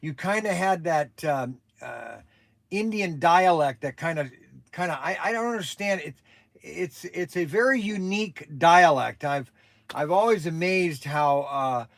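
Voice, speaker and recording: A man chats his way through a casual livestream, rambling and often restarting his sentences. His voice sits a little on the high side for a man. The sound is dry, with no room echo. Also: expressive, unhurried, vocal fry, fairly bright tone. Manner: chatty and rambling, with many restarts. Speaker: livestream host.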